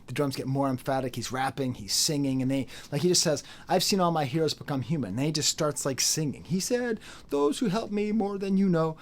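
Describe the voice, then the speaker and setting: A young adult man giving a casual, jokey album review, animated and quick to laugh and mimic. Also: on the high side. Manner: sings and beatboxes drum patterns. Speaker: music reviewer.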